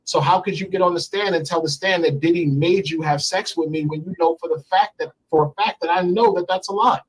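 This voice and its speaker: Man, interview guest, blunt and emphatic, fairly high voice, repeats himself for stress. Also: fairly quick, slightly rough, poor audio. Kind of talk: candid storytelling interview.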